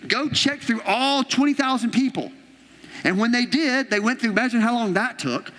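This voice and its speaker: High-voiced male preacher in an echoing hall. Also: moderate pace. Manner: animated storytelling, acting out the characters' lines. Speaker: pastor. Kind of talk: sermon. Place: church auditorium.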